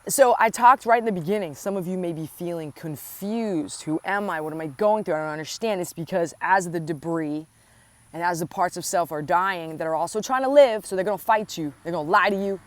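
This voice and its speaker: A woman with a fairly low voice speaks straight to her listener in an inspirational spiritual talk. She is earnest and tender, calling the listener endearing names. She drives points home by repeating her phrases. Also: dry recording. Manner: earnest, affectionate, addresses listener directly. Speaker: spiritual coach.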